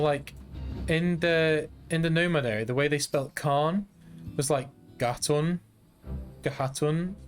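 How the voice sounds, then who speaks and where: A British man in his twenties chatting casually to viewers on a game stream, rambling and slangy and laughing often. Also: on the high side. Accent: British English. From Britain. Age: 20s. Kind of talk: casual gaming stream chat.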